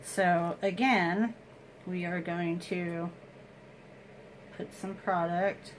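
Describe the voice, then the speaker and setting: A woman with a lowish voice gives a casual makeup tutorial at home. She talks slowly and chattily through each step and pokes fun at herself. A faint hum sits in the background. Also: fairly even intonation, low-quality recording. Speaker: beauty vlogger.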